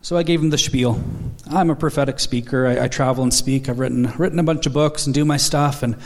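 A man's voice: medium pitch, steady tone, brisk. A man in his thirties preaching an earnest, storytelling sermon, acting out the dialogue in his stories.

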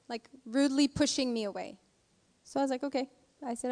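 A woman speaking in a church service, telling a personal story in an animated way and acting out the voices in it. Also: high voice, fairly quick. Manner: animated storytelling with acted quotes. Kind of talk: sermon testimony. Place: church sanctuary. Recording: reverberant church hall.

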